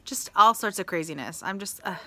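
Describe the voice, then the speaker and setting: A woman's voice: mid-range voice, expressive, a little fast, pushed and bright. A woman vlogging in a casual, rambling way, telling her story with an exasperated tone. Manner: chatty, exasperated, rambling with fillers.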